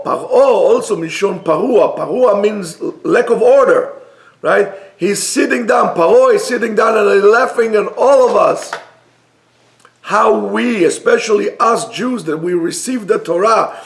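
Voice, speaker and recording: Emphatic rabbi, high gravelly voice. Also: male voice, measured pace. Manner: emphatic, rising to near-shouts on key points. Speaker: rabbi teaching a class. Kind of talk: Torah lecture on materialism. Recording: roomy echo.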